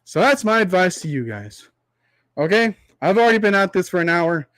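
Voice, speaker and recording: A man's voice: high voice, sing-song, fairly bright tone, no echo. A young man hosting a livestream, delivering a preachy ranting monologue full of rhetorical asides, his voice tiring from talking so long. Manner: preachy, repetitive rhetorical asides, drawn-out extended metaphor. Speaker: livestream host.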